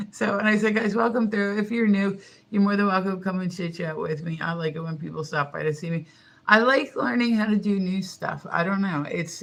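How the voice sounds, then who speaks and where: Casual livestreamer, male, high gravelly voice, rambling chat into a phone. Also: fairly bright tone. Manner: chatty, rambling, frequent "like".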